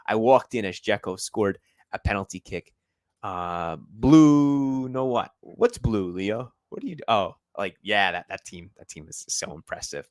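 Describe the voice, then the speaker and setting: A man's voice: sits low, lively intonation, normal speed, no room sound. A young man hosting a football stream, chatting casually and rambling with many fillers. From United States. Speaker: football channel host. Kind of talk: casual live-stream chat.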